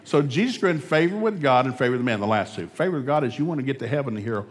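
A man's voice: mid-range voice, animated, racing. Folksy emphatic middle-aged male preacher, hall reverb. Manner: folksy, emphatic, rising to loud peaks. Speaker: preacher, former school administrator. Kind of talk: sermon.

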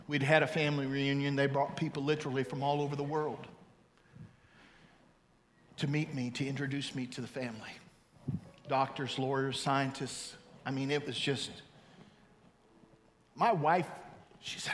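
Bright-voiced pastor man in a big hall. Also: mid-range voice, steady tone, moderate pace, long pauses, a little hiss or hum. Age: 50s. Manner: storytelling testimony, swings from loud to hushed. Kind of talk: sermon. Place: large church hall. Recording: reverberant hall, faint ambience.

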